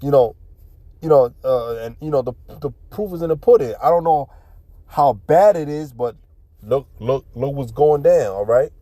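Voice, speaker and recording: A man's voice: mid-range voice, normal speed, dark tone, no echo. A man teaching scripture in an informal, street-talking way, reading verses and then explaining them bluntly with profanity and frequent repetition.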